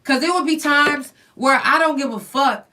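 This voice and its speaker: A woman hosting a podcast, telling stories in a blunt, profane, animated casual chat. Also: sits high, normal speed. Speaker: podcast host. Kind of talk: candid casual chat, storytelling. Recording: voice somewhat distant from the mic.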